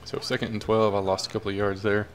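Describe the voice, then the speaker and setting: Low-voiced young man commentating gameplay. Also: fast talker. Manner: casual, excitable, cheers and groans at plays. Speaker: gaming commentator. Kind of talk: video game play-by-play commentary.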